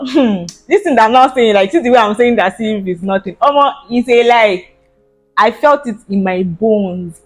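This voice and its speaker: Animated Nigerian woman telling a story. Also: medium pitch. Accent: Nigerian English. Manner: animated, laughing often, mixes Nigerian Pidgin slang. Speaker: vlogger. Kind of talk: casual storytelling.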